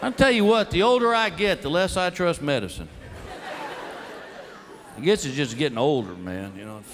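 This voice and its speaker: Animated middle-aged man, live stand-up. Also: on the high side, normal speed. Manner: animated storytelling, acts out voices, shouts punchlines. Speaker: stand-up comedian. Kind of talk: stand-up comedy routine. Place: stage before a live audience. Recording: live show with crowd laughter and noise. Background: audience laughter.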